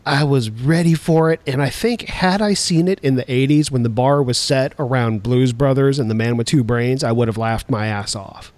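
A man in his forties co-hosting a casual podcast chat, telling stories in a nostalgic, animated way. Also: medium pitch, normal speed, hardly any pauses, no echo. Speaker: podcast co-host.

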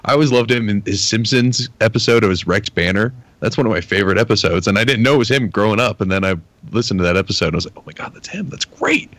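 Rambling, hesitant man, lowish voice. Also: racing, hardly any pauses, a bit bright, no room sound. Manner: rambling, hesitant, lots of fillers. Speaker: podcast co-host. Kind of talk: casual chat.

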